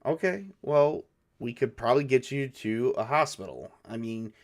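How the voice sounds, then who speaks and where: A man playing a cautious, level-headed coder who speaks in a calming, reassuring way. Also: medium pitch, normal speed, lightly acted. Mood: hesitant.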